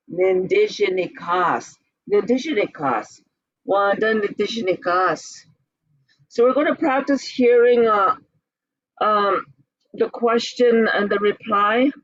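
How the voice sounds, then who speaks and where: A woman teaching a language class, breaking words into syllables and repeating them slowly and patiently. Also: a little high, a bit bright, dry recording, dull audio. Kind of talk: slow, patient classroom instruction.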